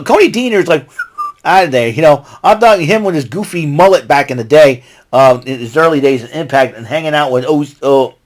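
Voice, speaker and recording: An American man hosting his own vlog, giving an excitable, rambling recap full of asides and restarts. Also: fairly high pitch. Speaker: vlog host recapping wrestling.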